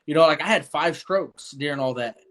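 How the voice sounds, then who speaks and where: A young man recounts his experiences in a loose, earnest interview manner. He rambles and restarts his sentences, filling gaps with "you know", and his voice sits a little high for a man. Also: a little fast, fairly bright tone. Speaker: guest. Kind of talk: casual storytelling interview.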